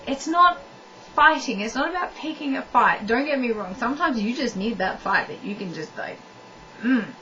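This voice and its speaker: A young woman speaks straight to camera with blunt relationship advice. She hammers her points home by repeating them, in a slightly high voice. The recording is dull and lo-fi, caught from a distance with a faint hiss. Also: lively intonation, moderate pace, bright, forceful tone. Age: young adult. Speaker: vlogger giving relationship advice. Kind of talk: direct-to-camera advice monologue.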